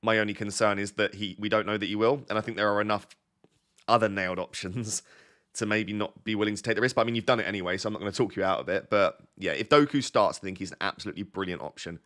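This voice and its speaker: A man's voice: fairly low pitch, quick pace, fairly bright tone. Slightly bunged-up man, rambling. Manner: rambling and self-deprecating, thinking aloud to chat. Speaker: fantasy football streamer. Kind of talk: casual live-stream chat.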